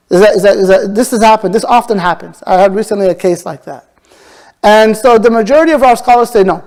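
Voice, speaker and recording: A man's voice: high-pitched, low-quality recording. A man, an imam, giving an explanatory Islamic lecture on jurisprudence in a mosque, often repeating words as he looks for the phrasing.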